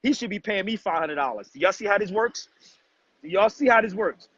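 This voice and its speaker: A livestream host, a man with a husky, high voice, speaks briskly with lively intonation and a slightly bright tone. He chats casually with viewers, preachy and confrontational, treating chat like family. The lo-fi stream audio is dull and muffled.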